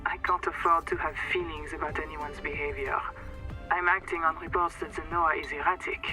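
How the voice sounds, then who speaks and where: An actor playing a stern expedition leader who speaks in a clipped, hushed, guarded way in a game cutscene. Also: male voice, a little high, steady tone, a little fast, music in the background, close to an everyday voice. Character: stern man leading a troubled expedition.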